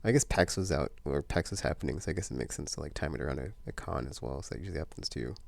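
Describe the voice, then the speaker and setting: A man's voice: a bass voice, rapid-fire, creaky. A man vlogging in a casual, meandering chat, full of fillers and restarts.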